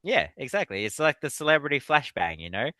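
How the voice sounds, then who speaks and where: Bright, crisp-voiced man telling stories with laughs. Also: mid-range voice, a little fast, dry recording. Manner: animated storyteller. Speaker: guest author. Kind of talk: casual interview chat.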